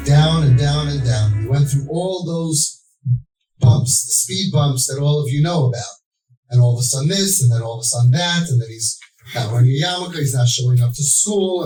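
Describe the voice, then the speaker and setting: A man's voice: mid-range voice, darkish tone. A man speaking to an audience, telling a story with acted-out quotes and joking asides. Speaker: parenting speaker. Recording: roomy hall, mic at a distance.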